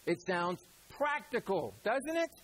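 Husky high-voiced man preaching. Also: big pitch swings, fairly bright tone, poor audio. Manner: conversational preaching with quick asides; acts out voices in quotes. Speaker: pastor. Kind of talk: sermon.

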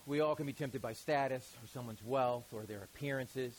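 A man's voice: medium pitch, moderate pace, a little hiss or hum, low-quality recording. A male pastor giving a sermon in a casual, conversational way, with frequent asides to the congregation.

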